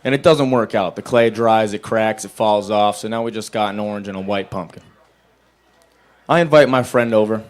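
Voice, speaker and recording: A young adult man doing a stand-up set at a bar open mic, telling stories in a dry, level voice and breaking into loud acted-out quotes. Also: fairly low pitch, normal speed. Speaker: stand-up comedian.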